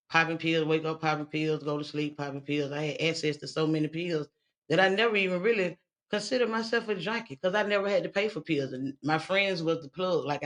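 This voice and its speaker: Sex: woman. Style: blunt testimony. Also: low voice. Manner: blunt, profane storytelling. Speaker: interview guest. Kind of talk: candid personal testimony.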